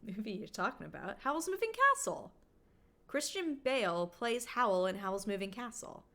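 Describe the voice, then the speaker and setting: A woman's voice: medium pitch, expressive, normal speed, pushed and bright. A woman from Canada chatting casually to her stream viewers, rambling with lots of filler words.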